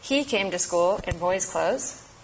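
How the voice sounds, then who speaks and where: A woman speaks to a church gathering with earnest, urgent emphasis. Her voice sits fairly low for a woman. Faint noise hums behind her. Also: expressive, takes it slowly, poor audio. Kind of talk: impassioned advocacy talk.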